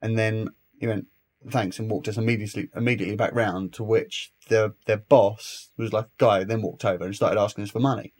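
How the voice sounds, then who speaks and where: Lower-voiced man telling stories. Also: fairly quick. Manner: ranting, animated storytelling. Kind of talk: casual chat.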